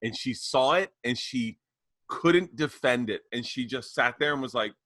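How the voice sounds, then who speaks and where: Bright-voiced male comedian, dry close sound. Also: medium pitch, normal speed, dry recording. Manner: laid-back storyteller, swears, quotes back-and-forths. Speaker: stand-up comedian and podcast co-host. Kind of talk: casual chat.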